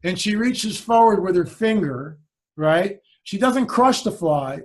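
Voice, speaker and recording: Speaking at a measured pace, a man with a high voice shares a story as a conversation guest, bringing it to life by acting out what each person said.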